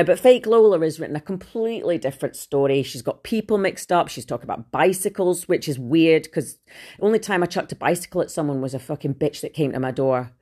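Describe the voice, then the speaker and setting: A woman's voice: deep voice, dark tone. A woman telling a personal story on her podcast, casual, blunt and full of swearing and fillers. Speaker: podcast host.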